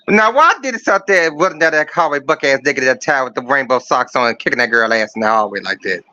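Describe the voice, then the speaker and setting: A man's voice: medium pitch, lively intonation, fast talker, hardly any pauses, pushed and bright. A man calling in with a profane, mocking comedic rant, telling stories about a scandal. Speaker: caller. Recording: dull lo-fi dry sound.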